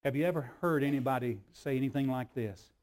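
A man preaching a sermon as pastor. He swings from soft, low passages to loud, high climaxes, and he calls for responses from the congregation. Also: brisk.

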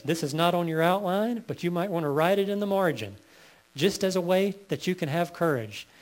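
A male pastor preaching a sermon, reading scripture slowly and building to emphatic peaks. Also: a little high.

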